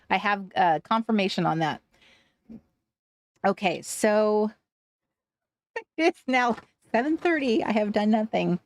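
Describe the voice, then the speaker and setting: A woman's voice: mid-range voice, dry recording. Woman livestream host, chatty, laughs a lot, from washington state, dry close-miked sound. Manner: chatty, laughs often, trails off and restarts. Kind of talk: casual livestream chat reading viewer comments.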